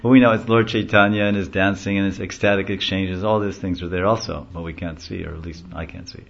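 A man with a low voice gives a devotional lecture, telling stories in a loose, conversational, rambling way. The recording sounds dull and lo-fi. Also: fairly even intonation, fast, creaky, slight background noise. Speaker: devotional class speaker.

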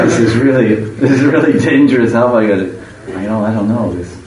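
A man's voice: medium pitch, lightly acted. A man doing a flustered fault-finding mother-in-law. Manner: flustered, panicky. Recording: echoey room, far from the mic, faint hiss.

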